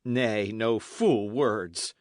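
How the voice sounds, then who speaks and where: A man voicing a bold, cheerful young squire who speaks loudly and forthrightly in an old-fashioned storybook tale. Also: mid-range voice, sing-song, measured pace, dry recording, clean studio sound, pitched above the performer's own voice. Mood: hearty. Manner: loud, hearty, forthright.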